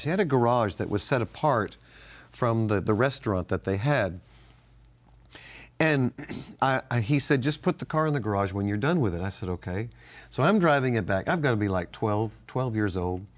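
An older man from the United States co-hosting a Christian talk show, sharing family stories and faith in an animated way with frequent laughter. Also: medium pitch. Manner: animated storyteller, laughs often. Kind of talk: casual faith-based chat.

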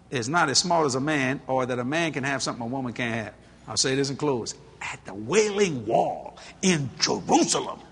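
A folksy, middle-aged male preacher tells stories from the pulpit. His voice is bright and forceful and swoops up and down with energy. He laughs often at his own tales. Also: fairly high pitch, slight background noise. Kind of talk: storytelling sermon.

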